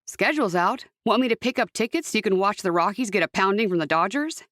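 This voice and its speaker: A woman's voice: medium pitch, expressive, quick pace, a bit bright, dry recording, studio quality, natural voice. A woman voicing a talkative, joking married man, chatty and teasing.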